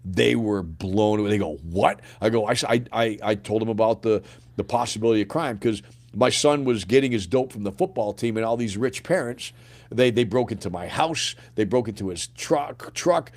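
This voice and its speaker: A man's voice: fairly low pitch, moderate pace, darkish tone. A middle-aged man from the United States, a podcast guest telling a painful personal story in a blunt, casual way full of slang and swearing. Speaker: podcast guest, grieving father.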